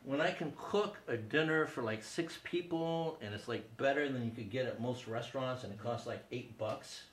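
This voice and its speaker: A man's voice: mid-range voice, moderate pace, roomy sound, a little hiss or hum. A man in his fifties hosting a comedy talk show from his living room, delivering a casual, self-deprecating monologue and laughing at his own jokes. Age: 50s. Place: living room with small audience.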